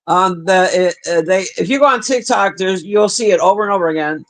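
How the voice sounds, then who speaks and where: Guy on a stream rambling and cussing at his viewers, kinda high voice. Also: normal speed, fairly bright tone. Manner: profane, chatty, talks to the chat. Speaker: livestream host. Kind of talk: casual rambling commentary.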